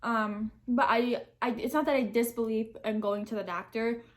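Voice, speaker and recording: A woman's voice: on the high side, fairly even intonation, normal speed. A young woman answering question cards while eating, talking candidly and thinking aloud. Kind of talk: casual mukbang chat.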